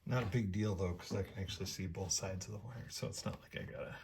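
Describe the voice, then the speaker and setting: A man with a fairly low voice talks his way through hands-on work at his model railroad layout, relaxed and a little out of breath. He was recorded on a phone in his hobby room, with clear background noise. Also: fast talker. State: breathing hard. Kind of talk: casual hands-on narration.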